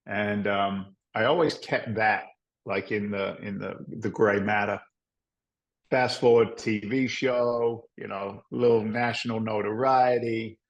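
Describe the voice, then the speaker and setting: A man's voice: fairly low pitch, steady tone, slow pace, lo-fi sound. A middle-aged man, a guest on a podcast, telling candid, rambling stories in casual talk and now and then cursing. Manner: candid, rambling, salty, with frequent "right?" asides. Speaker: podcast guest, real estate investor. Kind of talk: casual storytelling interview.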